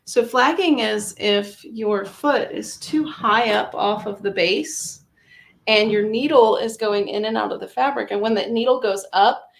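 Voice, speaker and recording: A woman's voice: mid-range voice, measured pace, gravelly. A woman giving a chatty, hands-on demonstration of a sewing machine, narrating her own actions with lots of fillers. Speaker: product demonstrator. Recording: roomy echo.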